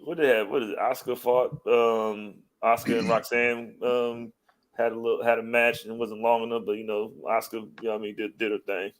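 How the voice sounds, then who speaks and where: A man's voice: medium pitch, little pitch movement, a little fast. A man co-hosting a podcast, talking in a laid-back way with laughing asides. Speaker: podcast co-host. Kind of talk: casual chat.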